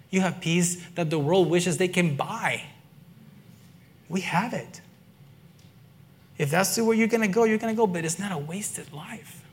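Man, preacher, earnest testimony, shifts between soft and lively, faint background noise. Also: high voice, normal speed. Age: adult, father and son-in-law. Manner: earnest storytelling, swinging between quiet and excited. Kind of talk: sermon testimony.

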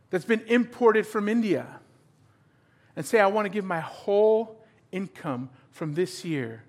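Speaking in a high voice, a middle-aged pastor preaches energetically, playing out short conversations by switching between voices.

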